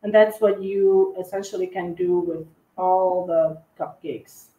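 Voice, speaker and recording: A woman co-hosting a live cookie-decorating tutorial, chatting in a halting way with lots of fillers and restarts. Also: on the low side, steady tone, echoey room, narrow, tinny audio. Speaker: cookie decorating livestream co-host. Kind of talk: casual tutorial chat while decorating.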